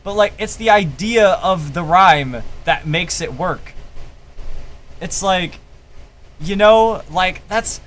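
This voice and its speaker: A man's voice: sits high, expressive, takes it slowly, a bit bright. A young man, a rapper, ranting casually about rhyme in his own music, heated and profane, often restarting his sentences. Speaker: rapper breaking down his album.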